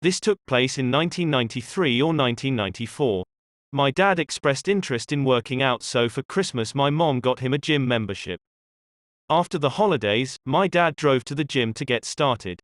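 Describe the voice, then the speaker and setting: A man in mid pitch narrates written stories as the channel host, with an even, read-aloud delivery. The sound is dry and close, with no room around it, and there is nothing else heard behind him. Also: moderate pace, no echo. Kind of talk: scripted narration.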